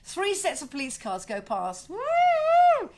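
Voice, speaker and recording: A middle-aged woman hosting a casual home livestream, telling a story in an indignant, sweary, animated way. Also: on the high side, normal speed. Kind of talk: casual chat to viewers.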